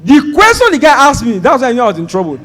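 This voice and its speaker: A Nigerian man doing stand-up, telling a story and acting out the dialogue with sudden loud outbursts. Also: very high-pitched, huge pitch swings, fast, in a large hall. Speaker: stand-up comedian.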